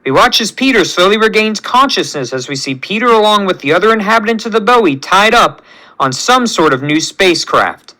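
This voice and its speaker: A man hosting his channel, reading a fan story aloud with lively narration. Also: high voice, brisk, rough recording. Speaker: channel host.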